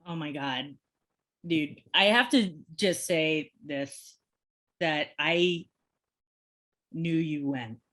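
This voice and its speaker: A woman's voice: low-pitched, drawn-out words, pauses often, a bit bright. A woman author in casual, effusive conversation at a bookstore event, asking about the writing process. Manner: effusive, chatty.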